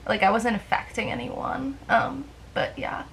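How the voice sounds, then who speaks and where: A woman's voice: fairly high pitch, a little slow, gravelly, fairly bright tone, a little hiss or hum, rough recording. Rambling young woman vlogging. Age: young adult. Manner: rambling, self-deprecating, lots of fillers. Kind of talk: casual chat to camera.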